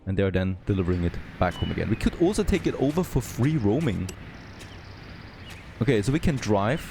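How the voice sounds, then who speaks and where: Gravelly low-voiced man narrating gameplay. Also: a little fast, background noise. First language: not English. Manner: thinking aloud, easily excited, frequent "there you go". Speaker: gameplay commentator. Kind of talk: let's play commentary.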